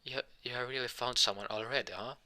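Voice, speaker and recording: A man's voice: mid-range voice, fast, sharp tone, pitched above the performer's own voice. A man voicing a doting mother who teases her daughter with prying questions in a fan story. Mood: teasing. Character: doting mother, adult woman, teasing and warm.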